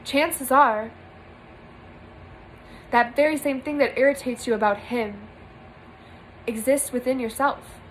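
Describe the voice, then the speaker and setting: A young woman speaks earnestly to her camera, giving a spiritual monologue from a small room. Her voice sits a little high, and she leans on repeated phrases for emphasis. A faint hiss of background noise runs under the recording. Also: steady tone, slow pace, long pauses, poor audio. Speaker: spiritual vlogger.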